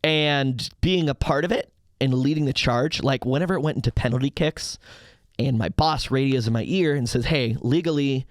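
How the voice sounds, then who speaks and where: A young man on a casual podcast, an arena host telling excited stories and bursting into loud hype shouts. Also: mid-range voice, moderate pace, no room sound, clean studio sound.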